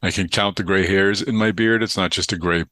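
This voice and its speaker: A man's voice: low-pitched, fairly even intonation, fairly quick, a bit bright, no echo. A middle-aged man with a Boston accent, hosting a podcast over a video call, chatty and joking with plenty of filler uhs. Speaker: podcast host. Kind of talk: casual podcast chat.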